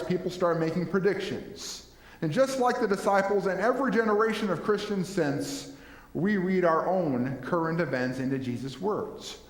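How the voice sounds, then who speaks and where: Male pastor preaching in an echoey church. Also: fairly high pitch. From Minnesota. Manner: earnest preaching with rhetorical questions and lists. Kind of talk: sermon. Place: church sanctuary. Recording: echoey church hall with long reverb.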